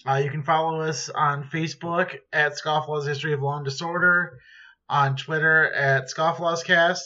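Bright-voiced man cohosting a podcast. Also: a little high, steady tone, moderate pace, dull audio. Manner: joking, rambling, swears casually. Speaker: podcast co-host. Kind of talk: casual chat.

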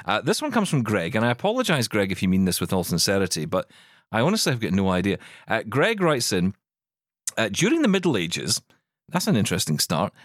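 A man's voice: on the low side, huge pitch swings, brisk, no echo, clean studio sound. A Scottish man co-hosting a podcast, chatting casually and reading listener emails aloud, stumbling over words and laughing. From Scotland. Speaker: podcast co-host. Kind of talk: casual chat.

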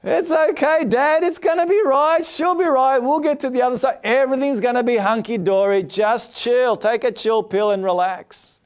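Carefree voices wave off every warning in a light, breezy, dismissive way, as a preacher acts them out. The pitch sits well above his normal speaking voice. The tone is chirpy and a little louder than his usual talk. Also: fairly even intonation, normal speed. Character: complacent carefree people brushing off danger.

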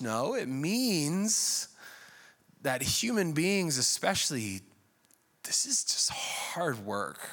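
Man preaching a conversational sermon. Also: fairly low pitch. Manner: conversational and self-deprecating, with lively animated asides. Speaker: pastor.

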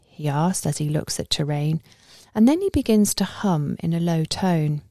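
A woman narrating a story in the first person in a steady, measured way. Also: low voice, dry recording, clean studio sound. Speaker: audiobook narrator.

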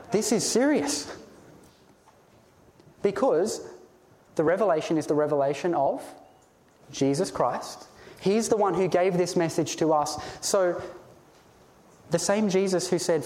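Man, sermon, earnest and pleading, fairly high pitch, stumbles when stirred. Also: a little mellow. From Australia. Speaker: preacher.

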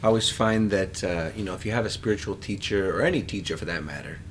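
Very deep-voiced laid-back man. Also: fast, slight background noise. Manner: laid-back listener, relaxed and reflective. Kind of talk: casual chat.

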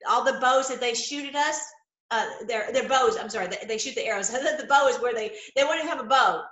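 A middle-aged woman teaching from scripture online, reading verses and commenting with emphatic repetition and sudden excited exclamations. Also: on the high side, a little fast. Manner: emphatic, repeats lines, breaks into excited exclamations. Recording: echoey room.

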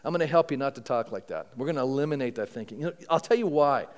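A man's voice: medium pitch, expressive, racing. A male pastor preaching a sermon to a congregation in a church, talking conversationally and often asking the room rhetorical questions. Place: church sanctuary before a congregation. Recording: long reverb of a large hall.

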